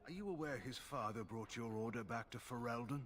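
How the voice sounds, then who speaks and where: An actor playing a stern, guarded middle-aged general, speaking in a cool, measured, condescending way. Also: male voice, medium pitch, fairly bright tone, a little hiss or hum, close to an everyday voice. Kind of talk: video game voice acting.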